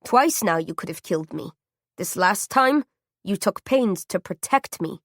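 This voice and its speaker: A woman voicing Death, an ancient armored knight who speaks in a calm, patient, accented, deep and raspy way. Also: unhurried, dry recording, studio quality.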